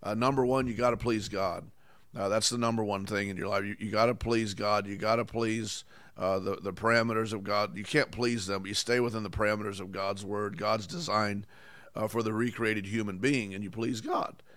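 A man's voice: fairly low pitch, steady tone, moderate pace, a bit bright, no echo. A middle-aged man, preaching a sermon with emphatic repetition and call-outs to the congregation.

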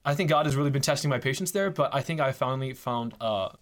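A young man in his twenties hosts a casual podcast. He talks in a relaxed, playful way. His voice sits at a middle pitch. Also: quick pace. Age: 20s. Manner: playful, reading scripture aloud. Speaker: podcast host.

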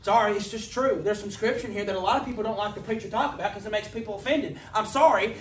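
A man preaching a sermon in a casual, joking way that builds to forceful emphasis, with big swings between loud and very quiet. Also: sits high, fast talker, few pauses, slight background noise. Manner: conversational and humorous, rising to forceful emphasis. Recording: echoey room, voice from a distance.

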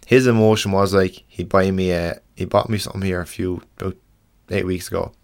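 A young Irish man hosting a podcast, talking earnestly and frankly in a halting way, restarting and swearing as he goes. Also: low voice, fairly even intonation, vocal fry. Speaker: podcast host. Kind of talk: casual podcast monologue.

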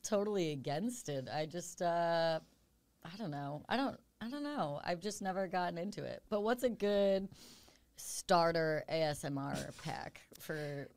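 Joking woman host, lowish voice. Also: expressive, unhurried, darkish tone, no echo. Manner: joking, crude quips, laughs often. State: drinking and snacking. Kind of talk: casual podcast chat.

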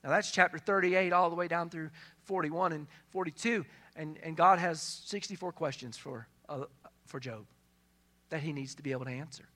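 Bright high-voiced preacher, man. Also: moderate pace. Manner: emphatic preaching, swinging between hushed and loud. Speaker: pastor. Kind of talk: sermon.

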